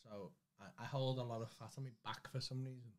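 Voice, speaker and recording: A man's voice: medium pitch, fairly even intonation, a little fast. A man co-hosting a comedy podcast, swearing freely and acting out quotes in casual banter. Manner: swears freely, laughs often, acts out quotes.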